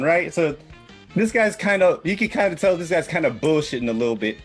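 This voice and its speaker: A man's voice: a little high, lively intonation, moderate pace, soft background music. A man in his thirties hosting a podcast, recapping a manga in a rambling, profane way. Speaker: podcast host presenting a manga. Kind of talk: casual chat.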